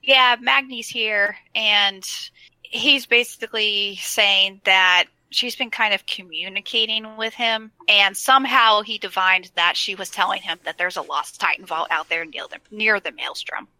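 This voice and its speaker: A woman's voice: medium pitch, unhurried, bright, forceful tone, dry recording, low-quality recording. A woman co-hosting a casual gaming chat, recapping a quest with enthusiastic storytelling.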